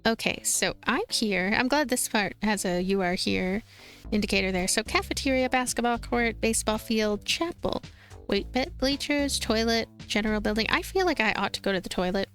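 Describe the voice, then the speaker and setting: A woman's voice: fairly high pitch, lively intonation, a little fast, fairly bright tone, faint music behind. A woman hosting a let's play, chatty and amused in casual gameplay commentary.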